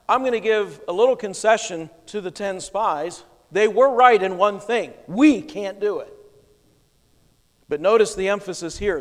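A male pastor preaching a sermon with emphatic delivery, swinging between soft and loud. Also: high-pitched, unhurried, big-room sound.

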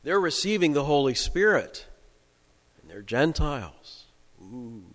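A male pastor giving a sermon in a relaxed, conversational storytelling way. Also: on the high side, a little slow, long reverb tail.

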